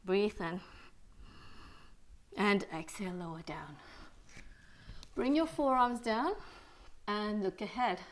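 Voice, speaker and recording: A woman yoga teacher guiding a class through poses and breaths, calm and steady, a little out of breath. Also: mid-range voice, takes it slowly, pauses often. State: slightly out of breath. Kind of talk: guided yoga class instruction.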